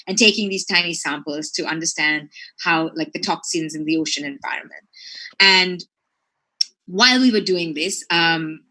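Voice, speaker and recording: Woman from sri lanka, marine biologist, chatty story, lots of "right?", bright forceful voice, lowish pitch. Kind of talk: animated storytelling in conversation.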